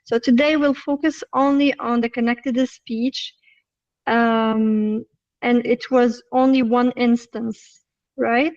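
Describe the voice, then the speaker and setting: Slow-talking woman teaching online, muffled. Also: fairly high pitch, fairly even intonation, a little mellow, far from the mic. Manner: explains patiently, reads examples slowly. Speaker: English teacher. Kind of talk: live online lesson.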